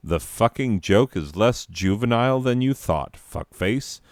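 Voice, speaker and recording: A man narrating a comic story in a deadpan, profane, self-mocking way, breaking off into rants. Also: on the low side, measured pace, hardly any pauses, no room sound, clean studio sound. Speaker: comedic narrator.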